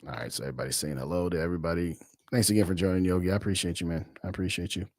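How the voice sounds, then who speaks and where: Chatty low-voiced podcast host. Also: male voice, fairly even intonation, rapid-fire, a little mellow, dry recording, studio quality. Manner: chatty, reads out and answers viewer comments; opinionated, colloquial. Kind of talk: casual live-stream sports talk.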